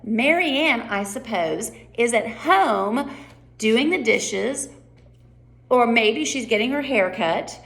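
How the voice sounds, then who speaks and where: A woman's voice: fairly high pitch, lively intonation, slow pace, gravelly, a bit bright, exaggerated voice. A woman reading the lines of Alice, a polite and puzzled young girl, in an offhand, musing way.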